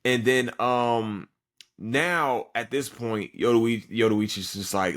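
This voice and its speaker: A man's voice: mid-range voice, slow pace, a bit bright. Tired man rambling through an anime recap. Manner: rambling and profane, many fillers. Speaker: podcast host. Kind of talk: casual anime episode recap.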